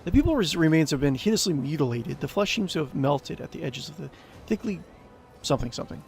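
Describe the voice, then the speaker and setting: A man's voice: a little high, very animated, fast talker, vocal fry, darkish tone, soft background music. A young man giving casual, rambling let's-play commentary, full of fillers as he reads the game text aloud. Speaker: game streamer.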